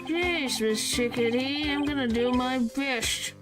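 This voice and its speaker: A woman's voice: high-pitched, takes it slowly. A woman voicing a plucky, eager young female defense lawyer. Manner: eager, spirited. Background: game music.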